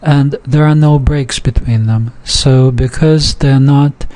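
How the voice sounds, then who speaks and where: A man teaching a recorded language lesson, reading example words aloud and explaining the rules deliberately. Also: mid-range voice, steady tone, darkish tone.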